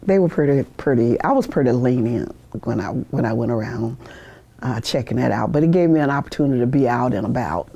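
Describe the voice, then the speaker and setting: A woman in her sixties speaks in a low, mellow voice and tells her stories with easy humor. She breaks into laughter now and then and acts out what others said. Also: expressive, fairly quick, husky, lo-fi sound. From United States. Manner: storytelling, laughs often, acts out quoted voices. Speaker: veteran interviewee. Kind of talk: oral history interview. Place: university media studio.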